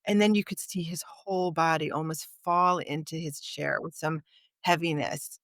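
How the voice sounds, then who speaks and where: A woman's voice: low voice, normal speed, a bit bright, no echo. Woman telling a story, dry close sound. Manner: vivid anecdote teller, acts out quoted dialogue. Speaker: podcast guest, author. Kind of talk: storytelling in conversation.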